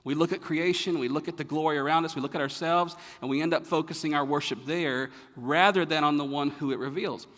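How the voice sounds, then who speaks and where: A pastor preaching a sermon, building to emphatic rhetorical questions and then dropping to a quiet, low delivery. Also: male voice, fairly quick, hardly any pauses. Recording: long hall reverb.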